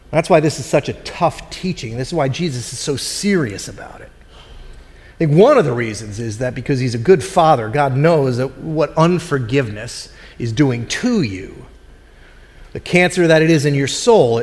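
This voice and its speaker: A man's voice: on the high side, long reverb tail. A man preaching a sermon in a conversational way, acting out the voices of people in the story. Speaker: pastor.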